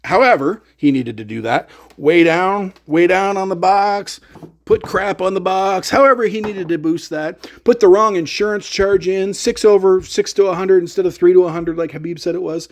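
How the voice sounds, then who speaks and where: Male YouTuber, mildly high voice, sarcastic animated storyteller. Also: moderate pace. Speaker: gear channel YouTuber. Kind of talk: casual storytelling rant.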